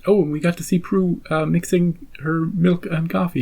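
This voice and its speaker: A man's voice: a little high, little pitch movement, moderate pace, gravelly, dark tone, low-quality recording. A man hosting a reaction channel, chatting casually to his viewers in a rambling way and often repeating himself. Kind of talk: casual chat to camera.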